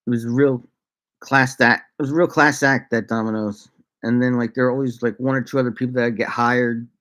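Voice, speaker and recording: A man's voice: mid-range voice, fairly even intonation, brisk, fairly bright tone. A man vlogging a casual story to camera, laid-back and rambling, laughing often and slipping into made-up sing-song bits.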